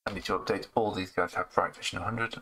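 A man's voice: low voice, fairly even intonation, fast, sharp tone, rough recording. A man running a tabletop game over voice chat, narrating rolls and turns in a matter-of-fact way. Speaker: game master.

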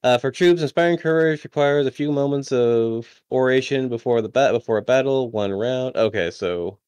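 A man's voice: medium pitch, moderate pace, a little mellow, clear, resonant tone, no echo. A man playing a tabletop game over voice chat, rambling, self-deprecating and often restarting his sentences. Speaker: player.

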